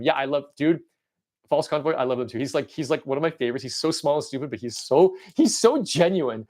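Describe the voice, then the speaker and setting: Excitable man hosting a toy-battle stream. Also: a little high, a little fast. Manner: excitable, rambling, with frequent restarts and shouting cheers. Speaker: livestream host. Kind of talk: livestream toy-battle commentary.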